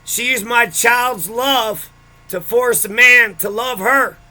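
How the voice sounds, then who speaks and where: Angry vlogger, male, high and bright voice, bitter and profane, rants straight to camera. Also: fairly even intonation, slow pace. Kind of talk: angry personal rant.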